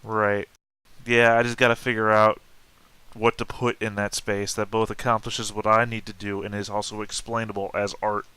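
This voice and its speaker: Guy roleplaying his character, joking around, super clear smooth voice, dry sound. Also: fairly low pitch, level tone, moderate pace, no room sound. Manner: wry, joking, talks through ideas out loud. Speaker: player.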